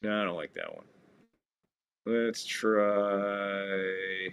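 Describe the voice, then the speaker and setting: A man's voice: lowish voice, very slow, gravelly, a bit bright, clear, resonant tone. A man hosting a podcast, giving casual live play-by-play of a football match, joking and playfully stumbling over foreign names. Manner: jokey, playfully mangles foreign words. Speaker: podcast host and commentator.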